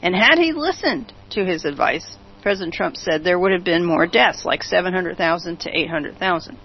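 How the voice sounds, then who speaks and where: Gravelly host firing rhetorical questions. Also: mid-range voice, lively intonation, moderate pace, a little hiss or hum. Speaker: talk show host. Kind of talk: opinionated commentary reading news quotes. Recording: dull lo-fi recording.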